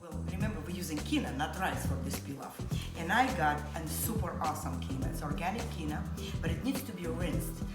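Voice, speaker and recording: A woman's voice: low-pitched, expressive, brisk. Upbeat woman in an echoey kitchen. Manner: upbeat, encouraging, chatty teacher. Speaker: cooking show host. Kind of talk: cooking demonstration with mini language lessons. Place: home kitchen. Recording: echoey kitchen, camera mic far off, loud music. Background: loud background music and sizzling pan.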